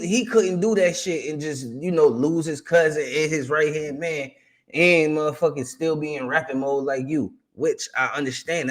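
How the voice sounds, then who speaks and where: A young man giving casual, slang-heavy commentary as a reaction streamer, often tacking "man" and "you feel me" onto his lines. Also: medium pitch.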